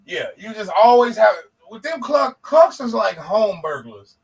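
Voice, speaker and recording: A man co-hosting a podcast, telling a profane, animated story in casual chat and acting out the people in it. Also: high-pitched, a little slow, vocal fry, slightly rough, recorded from a distance, low-quality recording. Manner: animated, profane, acts out quoted voices. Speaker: podcast co-host.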